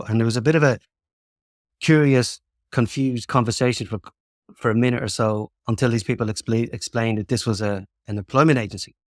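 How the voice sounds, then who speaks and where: A man's voice: mid-range voice, fairly even intonation, fairly quick, no room sound, clean studio sound. A man in his fifties from Ireland with an Irish accent, a podcast guest chatting casually and telling stories with many ums and restarts. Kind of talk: casual interview chat.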